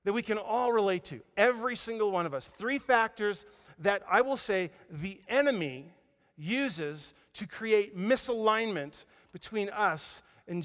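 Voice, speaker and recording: Pastor, male, preaching a sermon with dramatic dynamics; long reverb of a big room. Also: sits high. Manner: dramatic storytelling, swings between loud emphasis and quiet near-whispers. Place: church auditorium. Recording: hall reverb.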